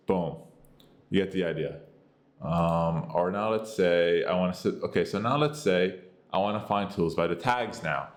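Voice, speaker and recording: A man with an American accent giving a casual, rambling review of an app, full of fillers and repeated catchphrases. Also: moderate pace. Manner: rambling, filler-heavy, says "boom" and "you get the idea". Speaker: tech reviewer.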